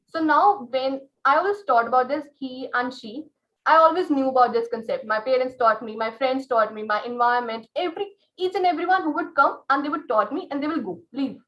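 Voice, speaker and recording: A woman's voice: high voice, fairly quick, lo-fi sound. A girl, giving an earnest open mic speech as a student, full of pointed rhetorical questions and fillers. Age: late teens.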